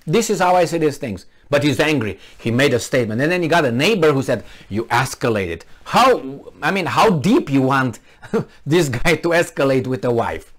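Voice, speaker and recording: A man's voice: a little high, moderate pace. A man with a Romanian accent giving a casual commentary monologue, acting out little scenes with sound effects and quoted voices. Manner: animated storytelling with sound effects and acted-out quotes. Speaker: commentary vlogger.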